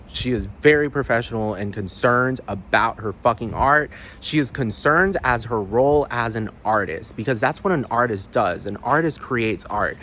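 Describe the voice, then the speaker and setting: A man's voice: medium pitch, a bit bright, slight background noise. A man ranting to the camera in a profane, rambling vlog monologue, often asking the viewer if they understand. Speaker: vlogger.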